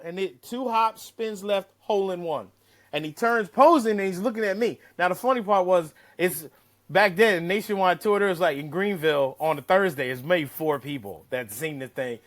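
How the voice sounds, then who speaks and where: Man, slightly high voice, lively storyteller, salty language, acts out dialogue. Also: moderate pace. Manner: animated, profane, acts out quotes. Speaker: caddie-turned-broadcaster guest. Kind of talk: casual storytelling.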